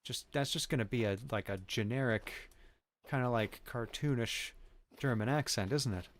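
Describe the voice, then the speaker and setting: A man's voice: medium pitch, moderate pace. A man hosting a game livestream, chatting loosely and reacting to his chat as he plays. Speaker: livestream host. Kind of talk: casual chat while playing a game.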